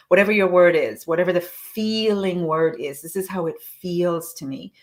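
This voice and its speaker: A woman leading a live online coaching session, encouraging listeners and reciting affirmations slowly and deliberately. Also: fairly low pitch. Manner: encouraging, with frequent restarts.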